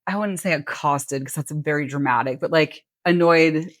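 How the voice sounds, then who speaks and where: A woman with a low-pitched voice tells a story as a podcast host in casual chat. She acts out the dialogue and swears freely. The recording is dry and close-miked. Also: moderate pace, no echo.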